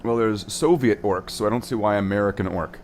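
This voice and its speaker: A man's voice: lowish voice, fairly quick, darkish tone, slight background noise. A young man streaming from his hobby room, chatting casually and goofily as he paints miniatures, drifting off into silly repeated words. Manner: goofy and playful, sings nonsense and repeats words. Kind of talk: rambling casual livestream chat.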